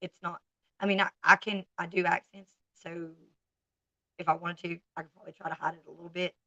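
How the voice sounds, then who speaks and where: Blunt Southern woman with gravelly voice. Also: on the low side, flat delivery, a little fast, sharp tone, no room sound, lo-fi sound. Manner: blunt and candid, talks straight to viewers. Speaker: livestream host. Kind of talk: casual livestream chat.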